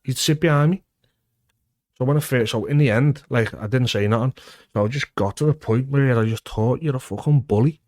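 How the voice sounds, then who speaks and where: The recording is dry, and the man's voice sits at medium pitch, running a little fast. He's in his thirties, a Liverpool-accented ex-footballer sharing stories in a casual interview, animated and freely swearing as he loudly performs the quotes.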